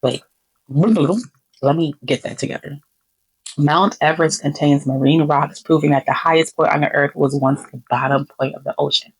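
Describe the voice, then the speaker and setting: A woman's voice: deep voice, steady tone, normal speed, slightly rough, no room sound, rough recording. A woman from the United States hosting a podcast, chatting casually and rambling as she restarts her points. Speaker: podcast host.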